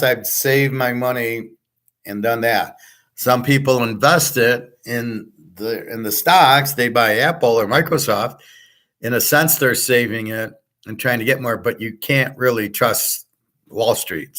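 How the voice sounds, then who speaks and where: This middle-aged man hosts his own show, rambling casually in a blunt, digressive style and swearing often. His voice sits in the mid-range, a little slow and a bit bright.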